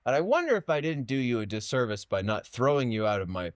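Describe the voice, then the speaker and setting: A man putting on a flamboyant older theater teacher, his voice leaping far above his usual low register before swooping back down in a theatrical drop. The delivery is droll and knowing, said from a bit off the microphone. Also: very animated, quick pace, no room sound, studio quality, close to an everyday voice. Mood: drawling.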